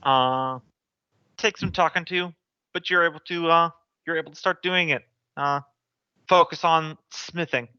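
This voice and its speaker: A man's voice: on the high side, steady tone, measured pace, pushed and bright, clean tone, no echo, muffled recording. A man narrating a tabletop game as game master, hesitant with many ums and restarts.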